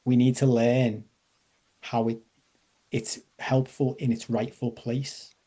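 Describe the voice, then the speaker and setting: Male coach, mellow tone, casual joking masterclass delivery over a video call. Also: mid-range voice, level tone, takes it slowly. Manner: conversational, self-deprecating humor, checks in with audience. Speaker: life coach. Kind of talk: live online masterclass talk.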